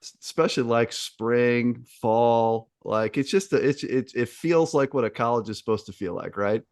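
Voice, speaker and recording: A man's voice: medium pitch, normal speed, darkish tone, dry recording, clean studio sound. A man hosting a sports podcast, chatting in an upbeat, casual way with lots of fillers. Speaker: podcast host. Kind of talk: casual interview chat.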